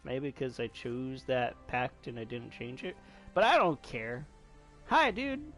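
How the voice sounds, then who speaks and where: A young man giving excitable, jokey commentary while playing a video game. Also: mid-range voice, measured pace, faint music behind. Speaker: gaming streamer. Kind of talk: casual gameplay commentary.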